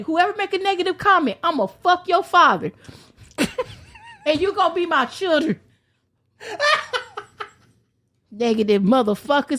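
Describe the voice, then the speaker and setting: A young woman, a podcast guest, ranting in loud, brash, profane casual chat and laughing as she goes. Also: extremely high pitch, sing-song, normal speed, long pauses.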